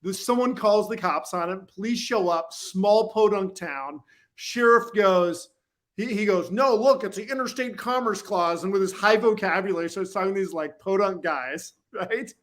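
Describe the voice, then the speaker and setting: On a podcast microphone, a male guest shares loose, meandering stories full of "like" and "you know, right?" His voice is high-pitched and slightly bright, with a moderate pace.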